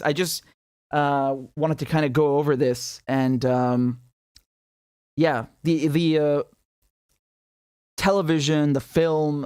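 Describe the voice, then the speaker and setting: A man's voice: fairly high pitch, a little mellow, clear, resonant tone, dry recording, clean studio sound. A man from Syria hosting a casual livestream of political commentary, chatty, with frequent laughs and lots of fillers and restarts.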